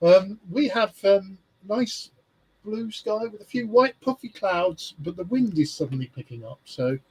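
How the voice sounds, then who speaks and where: Man on a chat panel, quick quips, lively pitch, slightly husky voice. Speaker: panel guest. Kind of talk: casual chat.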